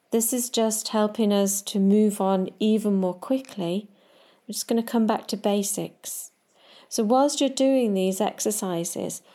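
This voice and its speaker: A woman coaching riders in a podcast, speaking slowly and calmly. Her voice is mellow and warm, and her advice is measured and direct. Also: mid-range voice. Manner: calm, measured coaching, talking straight to the listener. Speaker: riding coach.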